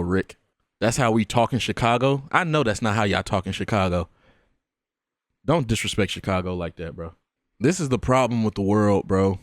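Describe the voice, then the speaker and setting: A man reacting to a dating show, mocking and swearing in an animated way. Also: lowish voice, no room sound, studio quality. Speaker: reaction streamer.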